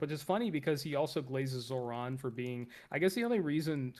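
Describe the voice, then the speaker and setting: A man's voice: mid-range voice, animated, a little fast, a little mellow. A man hosting a casual livestream, commenting with rambling talk full of fillers and restarts. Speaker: streamer host.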